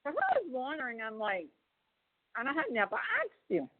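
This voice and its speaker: A woman's voice: sits high, wildly swooping pitch, moderate pace, no room sound. A woman chatting on a phone call, retelling things in a rambling way with lots of fillers and restarts. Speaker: family member on a prison phone call. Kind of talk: casual phone chat. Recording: tinny prison phone line.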